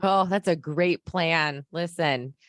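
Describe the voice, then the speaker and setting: A woman's voice: sits low, slow, no room sound, studio quality. A woman hosting a podcast in a casual, upbeat and playful manner. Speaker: podcast host. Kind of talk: casual chat.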